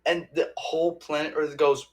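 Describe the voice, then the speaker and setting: A young man giving a casual movie review, rambling and halting with many restarts and fillers. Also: fairly high pitch, flat delivery.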